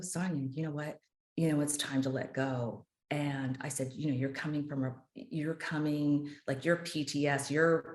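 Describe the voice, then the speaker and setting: A woman in her late fifties, a guest author talking earnestly and openly in an interview, often restarting her sentences. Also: sits low. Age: 50s. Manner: earnest and open, with frequent restarts. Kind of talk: candid interview conversation. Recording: roomy echo.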